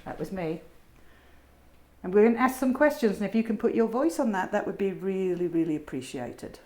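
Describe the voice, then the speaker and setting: A woman investigating a haunted building, asking soft, coaxing questions into the dark. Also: mid-range voice, expressive, a little fast, low-quality recording. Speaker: paranormal investigator. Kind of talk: hushed ghost-hunt narration. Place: dark old building indoors.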